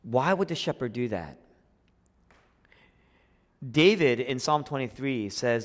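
A man preaching a sermon as a pastor, swinging between hushed, intimate lines and rising, emphatic passages. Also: mid-range voice, expressive, takes it slowly, long pauses. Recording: long hall reverb.

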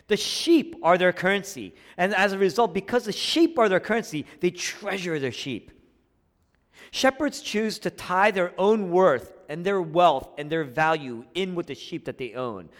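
Man, pastor, sermon, fairly high voice, hushed to emphatic, long hall reverb. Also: lively intonation, normal speed. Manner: preaching with sharp swings from hushed to emphatic.

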